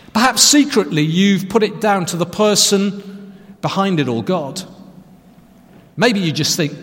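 A man's voice: high voice, long reverb tail. A man preaching a sermon as pastor, telling stories in a conversational, self-deprecating way.

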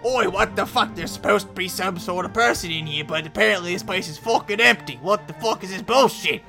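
A man voicing a huge, chubby, brutish orc jailer who swears crudely and talks gruffly. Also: high voice, a little fast, over music. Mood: irritated.

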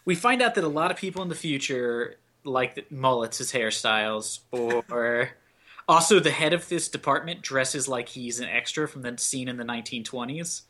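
A man with a bright, forward voice riffs on a bad movie, trading sarcastic jokes with his co-hosts. His podcast chat is loose and profane. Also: medium pitch, moderate pace. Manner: sarcastic, wisecracking, swears freely. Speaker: podcast co-host.

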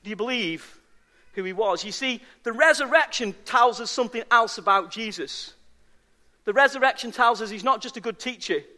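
A man's voice: extremely high pitch, animated, moderate pace, bright, forceful tone. A man preaching a sermon as pastor, emphatic and fond of repeating key phrases for stress. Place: church service.

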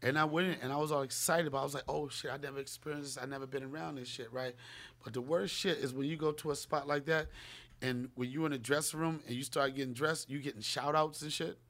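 A man's voice: mid-range voice, steady tone, quick pace, fairly bright tone. A man co-hosting a podcast, telling stories in slangy, profane, laughing talk. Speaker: comedian co-host. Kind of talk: casual podcast chat.

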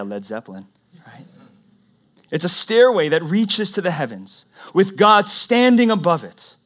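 Male pastor, voice a touch high; dynamic preaching style that drops to a hush for emphasis. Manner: dynamic preaching, swinging between loud emphasis and hushed near-whisper. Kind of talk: sermon.

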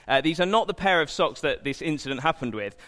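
A man's voice: a little high, expressive, quick pace, pushed and bright. A young man giving an informal sermon, chatty and self-deprecating, with jokey asides. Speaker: preacher. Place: church hall. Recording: long hall reverb.

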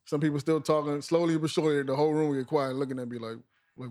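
Young man, podcast co-host, fast slangy storyteller, slightly high voice. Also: little pitch movement. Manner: slangy, storytelling, drops to hushed voice for quotes. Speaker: podcast co-host, new teacher. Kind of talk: casual chat.

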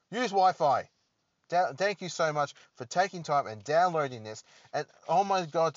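A man with a fairly high voice hosts a solo podcast, rambling along with jokes at his own expense. The recording is dull, lo-fi and very dry. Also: no room sound. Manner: rambling, joking, self-deprecating. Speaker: podcast host.

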